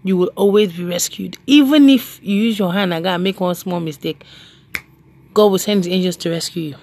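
Lively woman preaching. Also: fairly low pitch. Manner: animated, laughing, storytelling, emphatic repetition. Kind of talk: devotional preaching.

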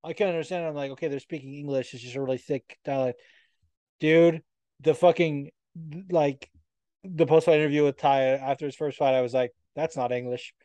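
A man's voice: fairly high pitch, a little fast, no room sound. Casual, profane man on a podcast. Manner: swears often, animated storytelling with quoted asides. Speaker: podcast co-host. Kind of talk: casual chat.

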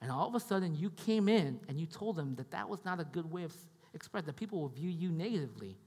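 A man's voice: a little high, expressive, fast talker, darkish tone, in a large hall. A man preaching a sermon in a conversational way, often repeating himself and checking in with the congregation. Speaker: pastor.

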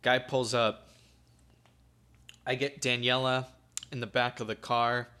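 Young man, bright forceful voice, casual storytelling, slangy, swears a lot. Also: mid-range voice, little pitch movement, slow pace, smooth. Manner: loose, slangy, peppered with swearing and fillers. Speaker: podcast co-host telling a story.

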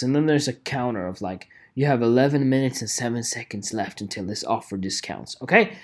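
A man's voice: brisk, few pauses. A man hosting his own photography show, ranting casually and swearing, with lots of "okay?" checks. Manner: animated, swearing, with lively swings in pitch and repeated "okay?". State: tired. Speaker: photography podcaster. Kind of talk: casual solo vlog rant.

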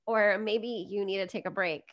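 A woman's voice: mid-range voice, fairly even intonation, normal speed. Podcast guest: woman, chatty, upbeat storyteller, business coach. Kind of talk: casual podcast conversation.

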